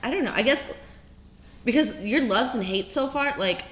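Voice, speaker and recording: Woman, hesitant and bright. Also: on the high side, normal speed. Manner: hesitant, restarts, relaxed. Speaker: podcast co-host. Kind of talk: casual book chat. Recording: echoey room.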